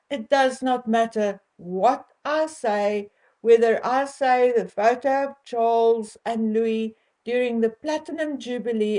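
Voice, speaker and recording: A South African woman speaks to her viewers in a measured, wry monologue with a sharp edge of indignation. Her voice sits a little high, and she takes her time over each phrase. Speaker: royal-commentary vlogger.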